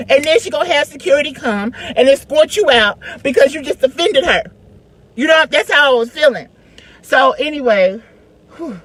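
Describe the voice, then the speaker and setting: A woman vlogger telling a casual story in a chatty, slangy way, swinging between hushed and loud. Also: high voice, expressive, normal speed, poor audio. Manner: chatty, slangy, lots of "like" and "you know".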